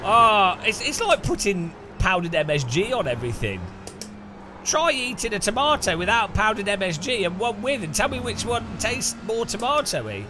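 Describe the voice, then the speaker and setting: Lively British man streaming a game. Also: high-pitched, normal speed, noisy background. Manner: joking, teasing chat. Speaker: sim racing streamer. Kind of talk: casual gaming commentary. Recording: music playing under voice.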